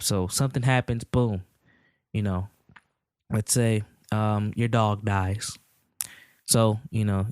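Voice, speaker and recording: A man with a smooth, resonant voice, hosting a podcast and walking through ideas in an easygoing way. He leans on fillers and slips into acting out little quotes along the way. The recording is close and dry, with no room sound. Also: fairly low pitch, a little mellow, dry recording. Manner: conversational, many fillers, acts out hypothetical quotes. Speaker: podcast host. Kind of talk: casual explanatory monologue.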